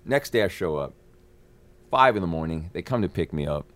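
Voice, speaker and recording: A male actor, a guest on an interview show, telling a long anecdote in a profane, animated way. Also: low voice, brisk, no room sound.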